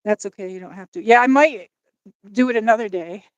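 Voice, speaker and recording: A woman's voice: medium pitch, a little fast, dry recording. A woman hosting a livestream while walking outdoors by a lake, out of breath, rambling and apologetic as she talks to her chat through a phone on a gimbal. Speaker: livestream host.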